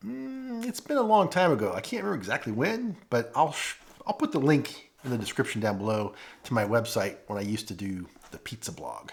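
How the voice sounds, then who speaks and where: A chatty man with a St. talks through a food review, his pitch rising and falling a lot. He sounds folksy and easygoing, and he breaks off here and there to taste something. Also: sing-song, brisk, vocal fry. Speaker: food vlogger. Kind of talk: casual food review vlog. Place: at home.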